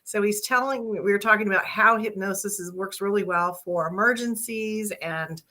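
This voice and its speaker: A woman's voice: mid-range voice, moderate pace, sharp tone. A woman hosting an interview series, upbeat and chatty, laughing often.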